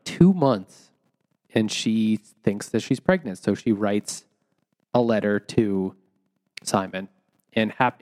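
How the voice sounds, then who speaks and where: A man co-hosting a casual book discussion podcast, retelling the plot and acting out lines in quick quoted voices. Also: medium pitch, darkish tone. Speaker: podcast co-host. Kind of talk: casual book-club chat.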